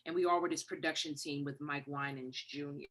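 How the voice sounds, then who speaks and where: A woman's voice: deep voice, fairly quick. A middle-aged woman from Detroit, a guest songwriter, telling a story in casual talk over a video call and acting out the voices she quotes. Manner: animated, acts out quoted voices.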